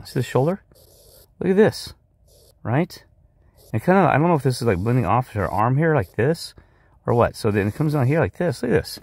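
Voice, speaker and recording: A man's voice: fairly low pitch, no room sound. Rambling, weary man talking to camera. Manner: rambling, impassioned, goes off track. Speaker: video creator. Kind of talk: rambling monologue with screen share.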